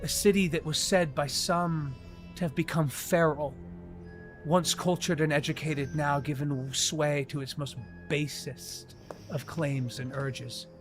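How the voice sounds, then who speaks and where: Unhurried man narrating as game master. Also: a little high, steady tone, faint music behind. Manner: unhurried, descriptive, with filler words. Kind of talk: narrating a tabletop horror game.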